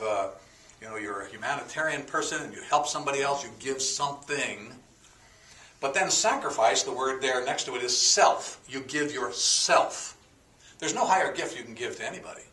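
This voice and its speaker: A man's voice: mid-range voice, bright, forceful tone, distant mic. A man teaching a sermon, explaining words one by one in a folksy way with fillers and a joke. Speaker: pastor. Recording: echoey room, voice from off the mic.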